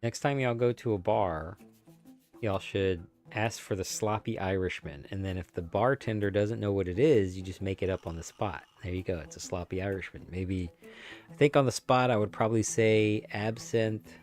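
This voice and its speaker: A man's voice: fairly low pitch, moderate pace, a little mellow, faint music behind. A man streaming a game, chatting casually and joking in a rambling way with his viewers. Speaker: gaming streamer. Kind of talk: casual live-stream chat.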